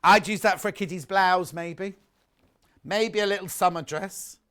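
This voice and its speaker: Speaking at a measured pace, a middle-aged British shopping-channel host uses a high, clean voice that's a touch bright. He sells live and reads viewers' messages, filling the gaps with chatty gossip and meandering asides.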